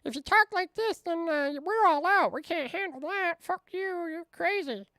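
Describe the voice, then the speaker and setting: A shrill mocking falsetto. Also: male voice, moderate pace, bright, forceful tone, no echo, clean studio sound, heavily acted. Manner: squeaky falsetto, taunting.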